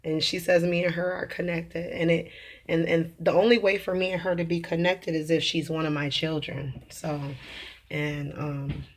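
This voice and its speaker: In a relaxed sermon-style monologue, a young female religious vlogger talks about belief and her children's dreams, full of filler words, restarts and self-amused laughter. She has a low-sitting voice, a level tone and a moderate pace.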